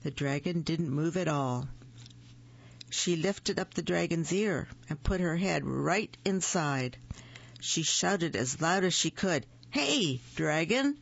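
Slow gravelly storyteller reading picture books out loud, kinda muffled recording. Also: mid-range voice. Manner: slow, gentle read-aloud pacing.

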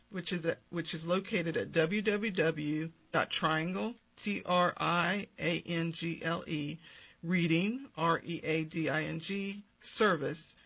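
A woman hosting and producing a radio interview show, closing with clear, formal announcements and spelling out addresses slowly. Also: lowish voice, a bit bright, highs cut off.

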